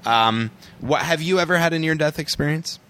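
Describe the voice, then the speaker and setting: A man co-hosting a podcast in casual chat, easygoing and quick to riff along with jokes. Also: on the high side, bright, forceful tone, smooth. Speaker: podcast co-host.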